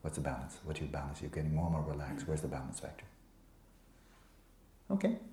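A man teaching meditation to a retreat group, relaxed and playful, often sinking into a soft whisper and teasing students by name. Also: very deep voice, fast talker. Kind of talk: dharma talk to a retreat group. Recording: echoey room with faint ambience.

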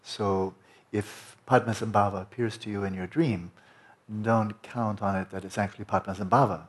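A man teaching meditation in a relaxed dharma talk, conversational and rambling, with frequent restarts. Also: lowish voice, normal speed. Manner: conversational, rambling with many restarts and "you know".

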